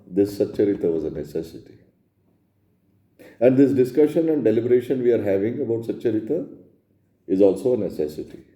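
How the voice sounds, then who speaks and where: Dark-voiced man giving a spiritual talk. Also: on the low side, roomy sound. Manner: earnest, explanatory, asks rhetorical questions. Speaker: spiritual teacher. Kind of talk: spiritual discourse on scripture.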